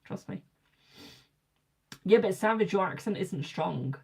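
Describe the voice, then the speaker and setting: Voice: mid-range voice, expressive, a little slow, creaky, darkish tone, breathy edge. Young adult, from Britain, tarot reader, live stream, rambling casual chat, repeats phrases for emphasis.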